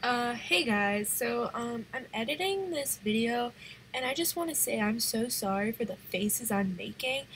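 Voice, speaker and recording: A nineteen-year-old woman vlogger recording a quiet voice-over while editing, hesitant and apologetic with many pauses. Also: on the high side, animated, noisy background.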